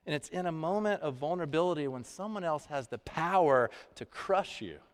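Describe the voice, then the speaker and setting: A man's voice: fairly high pitch, animated. Man preaching in a reverberant hall. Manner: conversational preaching with dramatic pauses. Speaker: pastor. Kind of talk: sermon.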